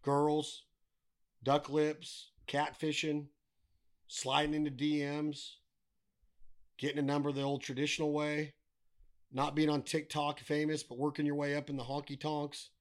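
A man's voice: fairly high pitch, monotone, a little slow, pauses often. Blunt, ranting podcast guest man. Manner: blunt, swearing, ranting with wry humor. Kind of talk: casual chat.

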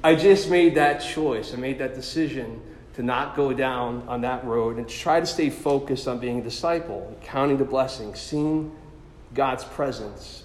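A man telling a personal story as a sermon, in an animated, self-deprecating way. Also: medium pitch, a little hiss or hum. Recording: echoey hall with long reverb.

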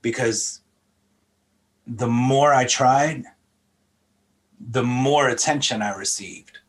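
Speaking slowly at a medium pitch, an interview guest from Philadelphia, middle-aged, offers sincere personal testimony. His manner is thoughtful, and he repeats words as he sorts out what to say.

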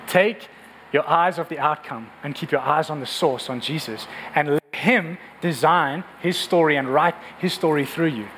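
A man's voice: on the high side, normal speed, a bit bright, a little hiss or hum, poor audio. A male pastor giving a sermon to a congregation in a room, in an earnest, conversational way that often repeats words.

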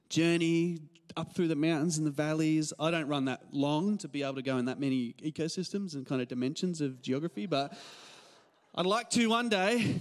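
Australian pastor with a high voice, echoing hall. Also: male voice. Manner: conversational, animated storytelling with laughs. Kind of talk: sermon. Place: church hall.

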